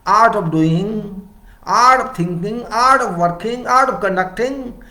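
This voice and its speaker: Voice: medium pitch, sing-song, a little slow, pushed and bright, roomy sound. An engineering lecturer in a rambling, playful monologue who asks rhetorical questions and answers them.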